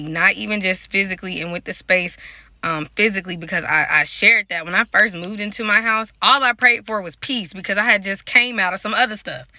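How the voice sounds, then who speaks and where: Woman just talking to her viewers bout faith, real bright voice, dry close sound. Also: fairly low pitch, no echo. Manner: talks in a loose, conversational way, addressing viewers directly. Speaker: prophetic dreamer and life coach. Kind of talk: casual spiritual vlog talk.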